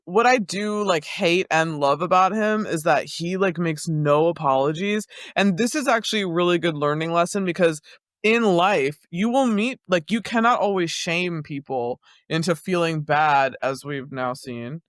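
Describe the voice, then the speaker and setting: Higher-voiced man in casual chat. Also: fairly bright tone, no room sound, clean studio sound. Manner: chatty, laughs often, quick opinions. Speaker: podcast co-host.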